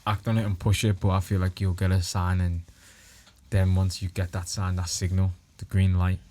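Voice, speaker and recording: A man's voice: sits low, level tone, moderate pace, darkish tone. A young man, co-hosting a podcast in laid-back, reflective casual chat. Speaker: podcast co-host.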